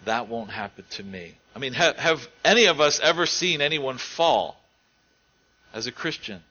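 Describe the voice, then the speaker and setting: A man preaching a sermon in an earnest way, rising to emphatic stretches and dropping to quiet ones. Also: mid-range voice, expressive, moderate pace, muffled recording.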